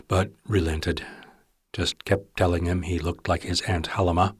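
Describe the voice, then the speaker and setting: A man's voice: low voice, level tone, normal speed, slightly rough, no echo, studio quality. A man narrating literary fiction in a wry, intimate storytelling manner.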